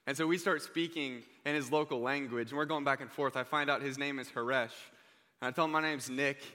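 A young man preaching to a youth group, telling a story in a lively, joking way. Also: medium pitch, a little fast. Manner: energetic, joking, conversational. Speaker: youth pastor. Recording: reverberant hall.

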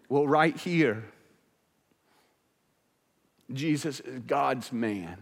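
A male pastor delivering a sermon in a church, earnest and swinging between emphatic and hushed. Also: fairly high pitch, animated, measured pace, few pauses. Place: church sanctuary. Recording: church hall reverb.

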